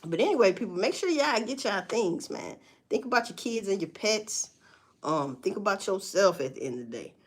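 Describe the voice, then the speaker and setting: A woman's voice: mid-range voice, sing-song, normal speed, slightly rough. A woman chatting casually with viewers on a live stream, blunt and profane, with emphatic outbursts. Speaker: livestream host. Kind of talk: casual livestream chat to viewers.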